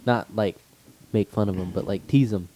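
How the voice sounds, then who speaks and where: A man's voice: normal speed, a little hiss or hum. A young man co-hosting a casual podcast, telling stories with lots of swearing and acting out quotes. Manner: heavy swearing, acts out quotes with loud high voices. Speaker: podcast co-host. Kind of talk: casual chat.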